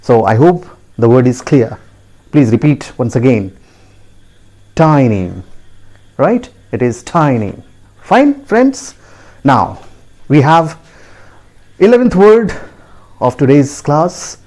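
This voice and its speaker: Indian english guy teaching pronunciation, warm mellow voice, goes slow and says everything twice, keeps asking right?. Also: sing-song. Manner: repetitive, deliberate, asks the listener with a high rising "right?". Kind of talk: video lesson.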